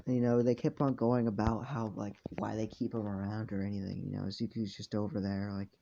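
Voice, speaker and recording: Tired, rambling, gravelly-voiced man. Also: fairly low pitch, flat delivery, fairly quick, warm tone, highs cut off, slight background noise. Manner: rambling, with many fillers and swearing. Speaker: storyteller. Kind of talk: rambling casual story narration.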